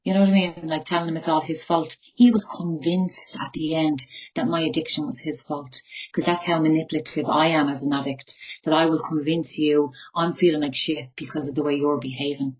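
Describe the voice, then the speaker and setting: This recovery meeting speaker is a woman in her forties from Ireland with a Tipperary accent, talking briskly in a low-pitched, steady voice on a low-quality recording. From her bedroom at home, she gives a raw, emotional share and swears freely.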